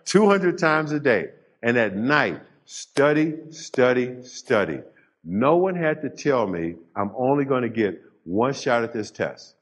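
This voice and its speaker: An older man giving a storytelling speech to a live audience, pausing for effect and building emphasis. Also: mid-range voice, very animated, slightly rough. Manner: storytelling with dramatic pauses and rising emphasis. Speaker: motivational speaker.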